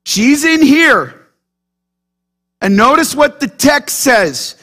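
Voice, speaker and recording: A male pastor delivering a sermon with a notably high voice for a man. He talks animatedly and keeps drawing the congregation in with quick questions. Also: sing-song, pushed and bright.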